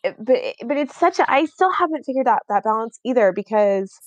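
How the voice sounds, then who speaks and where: Chatty thirtysomething woman, bit high voice, rambles with lots of likes and ums, dry close sound. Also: lively intonation, a little fast, no room sound. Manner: rambling, many fillers and restarts. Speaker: podcast co-host. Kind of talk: casual chat.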